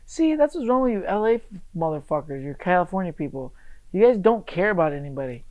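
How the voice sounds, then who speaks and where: A young man from Michigan chatting on a podcast as a guest, swearing freely and telling animated stories that burst into loud shouts. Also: high-pitched, a little fast, highs cut off. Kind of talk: casual podcast chat.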